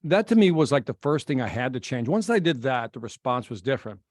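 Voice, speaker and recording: A middle-aged man from Chicago, a guest telling an animated story in an interview and acting out the exchanges he quotes. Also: mid-range voice, fast talker, no echo, studio quality. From Chicago, United States. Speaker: guest speaker.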